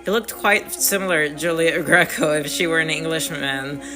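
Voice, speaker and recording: A man's voice: on the high side, moderate pace, music in the background. A man streaming a live game, reading the story aloud with frequent giggles. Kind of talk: live game read-through.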